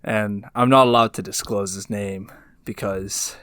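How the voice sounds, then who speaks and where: A man's voice: on the low side, fairly even intonation, measured pace, fairly bright tone. A young man co-hosting a podcast, swearing a lot in casual chat. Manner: crude, swearing. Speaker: podcast co-host. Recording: dry close sound.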